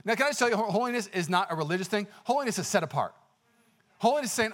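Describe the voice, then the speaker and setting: A male pastor preaching a sermon, telling personal stories with energetic exclamations and a conversational, filler-heavy delivery. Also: high voice, racing. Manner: conversational with many fillers and restarts.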